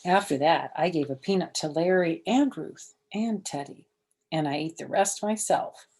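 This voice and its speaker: A woman's voice: sits low, moderate pace, a little mellow, husky. An older woman reading a children's chapter book aloud, with chatty asides to her listeners. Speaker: storyteller.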